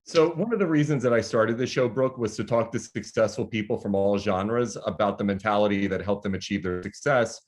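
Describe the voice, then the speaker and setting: A man's voice: on the low side, fairly quick, hardly any pauses. A man hosting a casual interview, upbeat and joking. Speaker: host.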